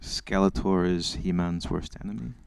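A man's voice: low voice, normal speed, vocal fry, very noisy. A man throwing in quips as a panelist on a casual comedy podcast.

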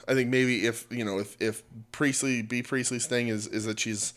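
A man's voice: mid-range voice, steady tone, moderate pace, fairly bright tone. A man co-hosting a podcast, chatting casually about wrestling in a rambling way, full of fillers and restarts. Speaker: podcast co-host.

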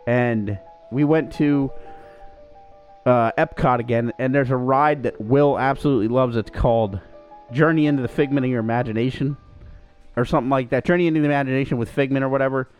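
A man telling a story in casual chat on a podcast, acting out quotes in a higher voice. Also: a little fast, dull audio, faint music behind. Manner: animated, acts out quotes in a higher voice. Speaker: podcast co-host.

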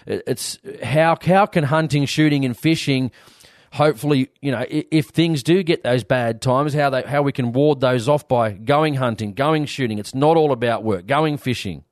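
An Australian man hosting a podcast, talking in a relaxed way with lots of "you know" as he searches for his words. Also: mid-range voice, normal speed, no echo, studio quality. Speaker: podcast host. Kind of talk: casual chat.

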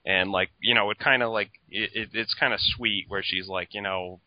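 A man's voice: lowish voice, fairly even intonation, moderate pace, dull audio. A man co-hosting a podcast, chatting casually and rambling, with lots of "like" and swearing. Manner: rambling, heavy use of "like", swearing. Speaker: podcast co-host. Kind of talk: casual chat.

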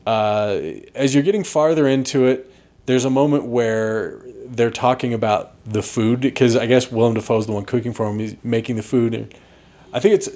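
A man co-hosting a podcast, chatting casually about movies in a rambling way, with lots of restarts. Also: normal speed. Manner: rambling, restarts often, animated pitch swings. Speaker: podcast co-host reviewing movies. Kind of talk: casual chat.

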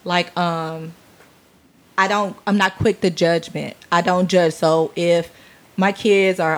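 A woman in her forties, a parent, chatting openly about raising her kids and slipping into quick voices of the people she quotes. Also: lowish voice, steady tone. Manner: open, conversational, acts out quoted voices. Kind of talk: casual panel chat.

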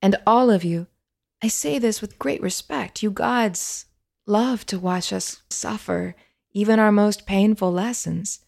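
A woman's voice: on the low side, fairly even intonation, normal speed, creaky, a little mellow, no room sound, studio quality. A woman voicing an earnest, respectful young woman seeker speaking to a spirit.

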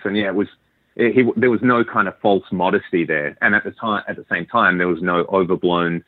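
A lowish-voiced Australian man chatting on a call as an interview guest. He rambles through his story with lots of restarts. The line is tinny and phone-like, with a dry, close sound. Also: steady tone, a little fast, dry recording. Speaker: guest musician. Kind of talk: casual interview chat.

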